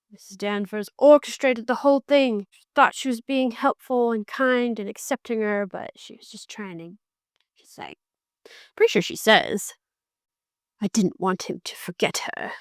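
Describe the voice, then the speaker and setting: A woman hosting a book podcast, giving a casual, animated recap and slipping into characters' lines as she goes. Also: on the high side, unhurried, no echo, clean studio sound.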